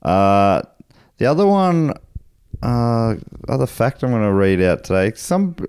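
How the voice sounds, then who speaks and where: Speaking in a mid-range, sing-song, slightly mellow voice, this Australian podcast host takes his time. He chats casually and laughs easily while reading listener messages aloud. The sound is studio quality, dry and clean-toned.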